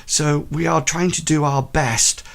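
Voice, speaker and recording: A man's voice: a little high, steady tone, a little slow, creaky. A man playing a deferential apologetic servant. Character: polite apologetic male household servant.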